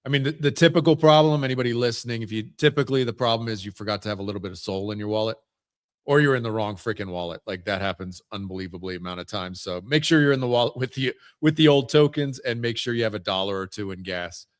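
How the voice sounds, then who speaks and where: A man speaks quickly and informally as he gives practical tips in a casual group audio chat. His voice sits a little low. The sound is dry. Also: no room sound.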